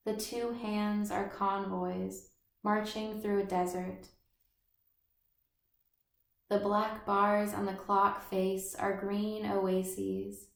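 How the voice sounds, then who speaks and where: A woman reading the part of a timid, frightened, dreamy schoolgirl in measured literary narration. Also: medium pitch, creaky. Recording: roomy echo.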